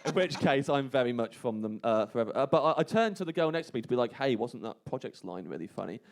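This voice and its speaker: A man telling a long, rambling story in a studio, his voice mid-pitched and unforced. The room around him is quiet. He drops lower and softer when he quotes others. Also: expressive, quick pace, vocal fry. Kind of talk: casual radio chat, anecdote. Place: radio studio. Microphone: studio microphone.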